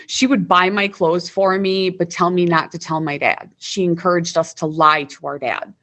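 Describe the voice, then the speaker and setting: Interview guest, woman in her forties, candid storyteller, lower register. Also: moderate pace, fairly bright tone. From Wisconsin, USA. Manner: candid, conversational, repeats words when emotional.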